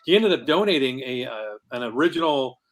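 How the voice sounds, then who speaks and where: A man's voice: medium pitch, lively intonation, brisk. A man talking as a guest on a podcast, telling how he founded a comic convention in an earnest, rambling way. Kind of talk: casual podcast interview.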